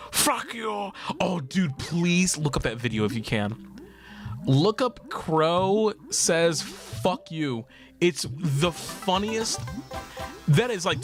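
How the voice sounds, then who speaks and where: A man streaming a video game, chatting casually, laughing often and swearing freely. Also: on the high side. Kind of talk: casual gaming stream chat. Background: game music.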